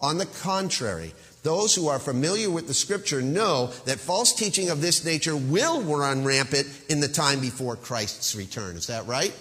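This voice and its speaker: A man's voice: a little high, expressive, moderate pace, hardly any pauses, a bit bright, in a large hall. A male pastor preaching an earnest, emphatic sermon with a warning tone.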